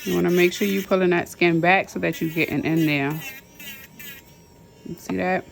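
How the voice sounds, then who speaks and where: Chatty nail tech, lowish voice. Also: female voice, steady tone, normal speed, vocal fry, faint music behind. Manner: chatty, repetitive step-by-step instructions with Southern US slang. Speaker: nail technician teaching a class. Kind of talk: casual how-to demonstration. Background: nail drill whirring.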